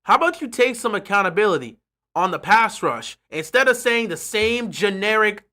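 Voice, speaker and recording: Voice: mid-range voice, animated, moderate pace, bright, forceful tone. A sports fan streaming a live reaction, ranting in a frustrated, sarcastic way and repeating points over and over.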